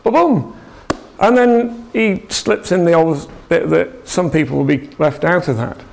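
A man's voice: on the high side, moderate pace, creaky. A man giving an informal church talk, conversational and rambling, with frequent restarts and asides to the congregation. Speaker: preacher. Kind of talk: informal sermon.

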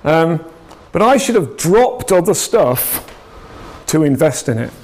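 Lay preacher, male, casual and meandering delivery, voice a touch higher than usual. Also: very animated, slow pace, a little mellow. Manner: conversational, rambling, with frequent restarts and asides. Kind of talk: informal sermon.

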